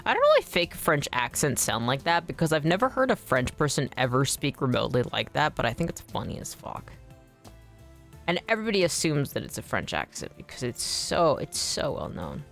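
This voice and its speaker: A young woman streams a game in a low, casual voice. She rambles and swears easily, and her pitch swings widely. Faint background music plays under her chat. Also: very animated, fairly quick, vocal fry.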